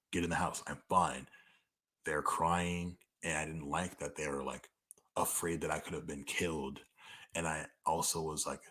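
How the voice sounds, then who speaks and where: A young man's bass voice, sharp in tone and slightly rough, carries this casual monologue answering listener questions. He takes on personal questions candidly, with profanity, in a loose, conversational style packed with "like."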